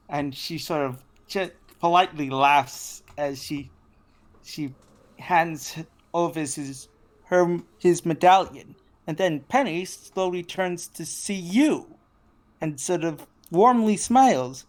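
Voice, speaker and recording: A game master narrating a tabletop role-playing game, slow and halting with frequent restarts. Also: mid-range voice. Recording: faint background noise.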